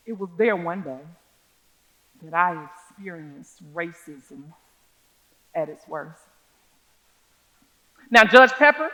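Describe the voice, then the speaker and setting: An actress in a one-woman stage show, playing a proud older schoolteacher from who tells her story in a measured, folksy way. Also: mid-range voice, fairly bright tone, muffled recording. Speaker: stage performer. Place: theater stage.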